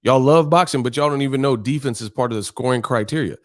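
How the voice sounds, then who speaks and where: A man's voice: mid-range voice, fast. Blunt, foul-mouthed male streamer. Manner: blunt, combative, heavy cursing. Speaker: boxing streamer host. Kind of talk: casual live-stream rant.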